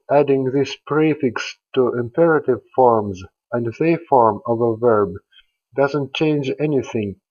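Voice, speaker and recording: A man reads a scripted grammar lecture in a level, middle-pitched voice. He speaks very slowly and carefully, laying out each rule step by step. The voice-over sounds dull and lo-fi. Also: darkish tone. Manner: slow, deliberate and methodical. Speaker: language teacher.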